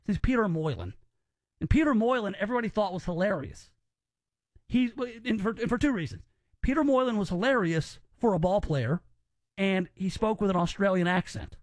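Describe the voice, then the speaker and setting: A man's voice: sits high, animated, moderate pace, no echo, clean studio sound. A man hosting a podcast, giving opinions in casual chat and often repeating words as he restarts. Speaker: podcast host.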